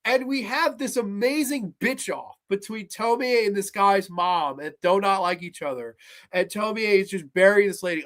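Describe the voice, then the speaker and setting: Man, high voice, lively film recap, profane, acts out scenes. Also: normal speed. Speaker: horror podcast host. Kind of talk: casual film review.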